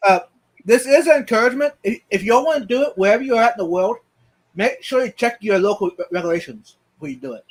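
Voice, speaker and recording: A man hosting a casual live stream, talking in halting starts and repeating words as he reads viewer comments. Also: high-pitched, expressive.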